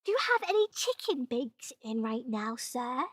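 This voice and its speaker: A woman's voice: on the high side, sing-song, normal speed, no room sound, clean studio sound, pitched below the performer's own voice. Woman putting on a prim posh English customer. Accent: exaggerated posh English.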